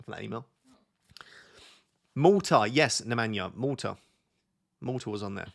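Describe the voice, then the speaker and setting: A man's voice: fairly low pitch, expressive, unhurried, vocal fry, a bit bright. A young British man hosting a casual live stream, chatting and reading out questions from his viewers. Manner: chatty, reads chat questions aloud. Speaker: streamer host.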